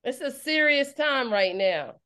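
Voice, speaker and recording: A woman's voice: high voice, animated, measured pace, sharp tone, clean tone. A woman preacher, delivering a fiery sermon and repeating her phrases for emphasis. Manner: preaching with rising call-and-response intensity, repeats phrases. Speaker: preacher leading an online service.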